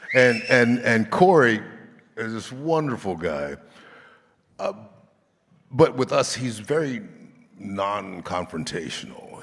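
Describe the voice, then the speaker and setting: Slow, low-voiced man telling stories. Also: creaky. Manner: relaxed storyteller, laughing often. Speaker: actor guest on a panel. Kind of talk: anecdotal storytelling. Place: large convention stage. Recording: reverb of a large hall.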